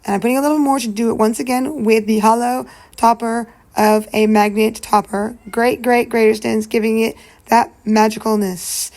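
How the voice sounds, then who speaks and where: Bubbly woman vlogger narrating a nail art tutorial, fairly high voice, playful exclamations. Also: steady tone, moderate pace, a little mellow, poor audio.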